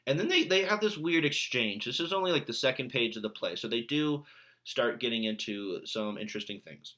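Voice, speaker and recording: A man's voice: mid-range voice, animated, a little fast, pushed and bright. A man recording a video lesson for his English class, talking in a casual, chatty way with mild sarcasm. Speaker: English teacher.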